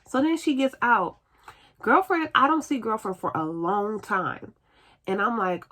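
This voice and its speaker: A woman's voice: mid-range voice, normal speed. Chatty woman telling a storytime vlog. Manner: chatty and animated, acting out what others said. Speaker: vlogger telling a personal story.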